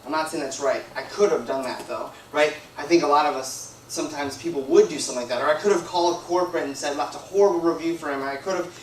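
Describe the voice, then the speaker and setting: A man's voice: on the high side, fast talker, a little hiss or hum. A man giving a sermon as a guest preacher, telling a personal story in a rambling, conversational way full of "like" and "you know". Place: church hall. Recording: echoey room, from a distance.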